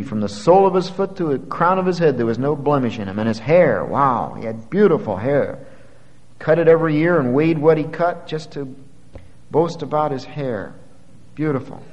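A man preaching a sermon. He retells a scripture story with dramatic swings from quiet to loud. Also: fairly high pitch, long reverb tail, muffled recording.

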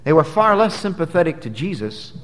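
Emphatic preacher, high lively voice. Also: male voice, a little fast. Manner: emphatic, dramatic rises and drops in pitch and volume. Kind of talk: expository sermon. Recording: long hall reverb.

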